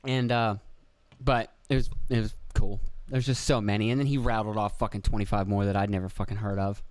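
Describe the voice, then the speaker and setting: A man's voice: on the low side, steady tone, a little fast, darkish tone, no echo. A man in his thirties from Pennsylvania, hosting a podcast and telling rambling, profane stories about family outings, acting out the voices of the people in them. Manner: profane, rambling storyteller who acts out quoted voices. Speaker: podcast host. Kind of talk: casual rambling monologue.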